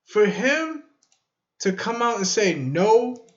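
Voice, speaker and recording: A man's voice: high voice, expressive, normal speed. Man vlogger, rambling musing delivery, echoey room. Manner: rambling, musing, repeats himself. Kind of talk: casual chat to camera. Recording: echoey room, dull lo-fi sound.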